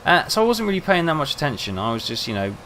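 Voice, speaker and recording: A man's voice: fairly high pitch, sing-song, fast talker, sharp tone, a little hiss or hum. A young man rambling casually, telling self-mocking stories over gameplay. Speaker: gaming video host.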